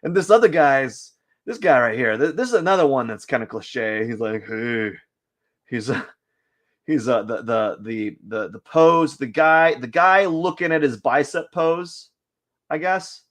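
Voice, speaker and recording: A man's voice: a little high, animated, a little slow, fairly bright tone. A man chatting casually and joking as he draws figure studies on a live stream, rambling and breaking into silly voices. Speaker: artist streaming a drawing session.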